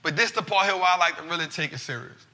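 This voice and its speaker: A man hosting a live finance talk show, animated and casual, full of slang and repeated phrases. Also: a little high, quick pace, long reverb tail.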